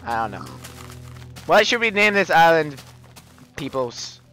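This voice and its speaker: Man, Let's Play commentary, goofy, rambling, bright voice, unhurried. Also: on the high side, very animated, faint music behind. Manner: goofy, rambling, with whiny mock-crying outbursts. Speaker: gamer, channel host.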